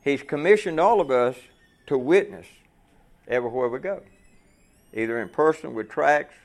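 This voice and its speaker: A man's voice: on the high side, moderate pace. A man preaching a folksy sermon to fellow truckers, asking the room rhetorical questions.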